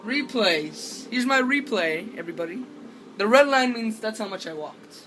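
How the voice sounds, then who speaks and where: High voiced male gamer, slow rambly playful commentary, distant mic with game music under it. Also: animated, a bit bright. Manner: playful, rambling, talks to himself. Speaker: gaming video maker. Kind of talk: gameplay commentary. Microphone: camera held by hand.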